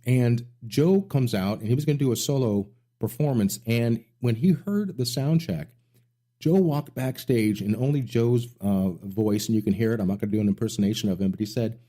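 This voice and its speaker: A man's voice: mid-range voice, moderate pace, mellow. Enthusiastic middle-aged male radio host. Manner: enthusiastic, rambling storyteller. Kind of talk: casual interview chat.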